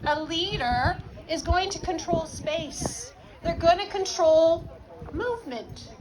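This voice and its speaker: A woman with a high, light voice explains dog training in a calm, confident way. Every so often she slips into a quick aside spoken to a dog. Loud background noise runs under her voice throughout. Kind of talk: talk at a live event.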